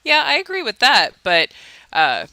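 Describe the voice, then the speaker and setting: A woman's voice: a little high, wildly swooping pitch, normal speed, sharp tone, dry recording. A woman hosting a casual morning crime recap, chatty and dramatic, who laughs often as she tells stories from home. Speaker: crime news host.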